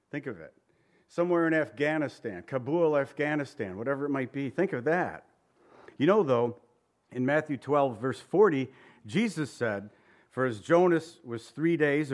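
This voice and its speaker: A pastor preaching a sermon, reading scripture in old-fashioned wording and asking the congregation conversational questions. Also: male voice, medium pitch.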